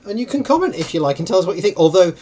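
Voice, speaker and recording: A man's voice: very fast, a little hiss or hum. A man co-hosting a livestream, explaining a board game in a playful, jokey way. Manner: chatty, jokey, lively pitch swings. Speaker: co-host running a game.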